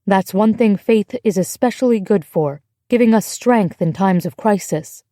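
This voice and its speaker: Woman playing a gentle but firm American friend, mellow tone, dry close mic. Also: mid-range voice, moderate pace, no room sound, lightly acted. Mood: reassuring. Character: kind, steady American woman in Paris.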